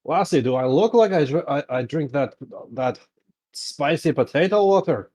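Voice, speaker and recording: A man voicing a gruff, whiskey-loving fighter who talks loudly. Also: a little high, animated, normal speed, voice pushed up. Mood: indignant. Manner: loud and blustering.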